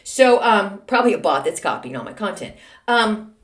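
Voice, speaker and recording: A middle-aged woman hosting a solo podcast, chatting in a self-deprecating, animated storytelling way. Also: mid-range voice, normal speed. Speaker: podcast host. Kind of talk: casual solo podcast monologue.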